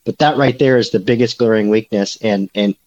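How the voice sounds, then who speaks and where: A man with a fairly low voice talks sports on a casual podcast. He rambles and restarts, filling gaps with "uh" and "you know". The audio is a bit dull and lo-fi. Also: a little fast, a little mellow. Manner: rambling, many fillers and restarts. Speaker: podcast co-host, recruiting beat reporter.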